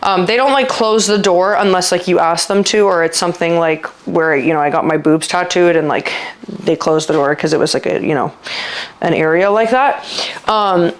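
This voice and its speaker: A woman vlogger with a lowish voice shares a personal story in casual chat, rambling with many filler words. She sometimes halts and trails off when she gets upset.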